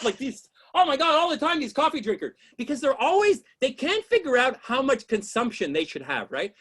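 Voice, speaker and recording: A man's voice: extremely high pitch, big pitch swings, a little fast, hardly any pauses, a bit bright. Exasperated ranting stand-up man. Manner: ranting, exasperated, swears often, keeps asking "you know what I mean?". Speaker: stand-up comedian. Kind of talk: stand-up routine.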